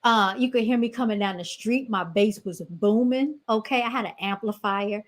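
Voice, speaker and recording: A woman in her thirties talks to her podcast audience in a relaxed, rambling monologue. She tells one story after another and keeps turning back to her listeners as she goes. Her voice sits at an ordinary middle pitch for a woman. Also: normal speed. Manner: chatty storytelling, keeps addressing listeners as y'all. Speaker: podcast host.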